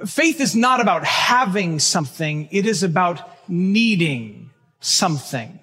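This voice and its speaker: A man preaching a sermon as pastor, earnest and emphatic, slowing down to stress key phrases. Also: sits high, big pitch swings, sharp tone, slightly rough. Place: church sanctuary. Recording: long church reverb.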